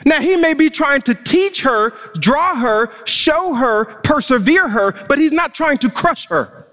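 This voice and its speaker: A male pastor preaching a sermon in an unusually high voice, driving his points home with emphatic, stumbling repeats. His words trail off in the long reverb of a large hall. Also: lively intonation, a little slow, bright, forceful tone.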